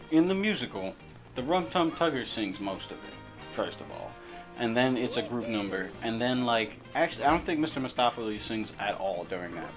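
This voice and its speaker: Casual male gameplay commentator, mid pitch, rambly and giggly, loud game music underneath. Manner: rambling, laughing, repeats words. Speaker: gaming channel host.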